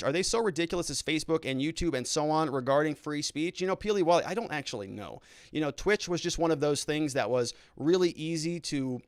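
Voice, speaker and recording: Chatty male livestream host, smooth voice. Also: a little high, no echo, studio quality. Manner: rambling, talks to chat viewers, fillers and restarts. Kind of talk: casual livestream chat.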